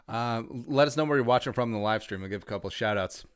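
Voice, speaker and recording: A man hosting a casual livestream podcast, laid-back and wry, reading out viewer shout-outs with quick jokes. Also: mid-range voice, clear, resonant tone, no echo, clean studio sound. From Minnesota. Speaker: podcast host.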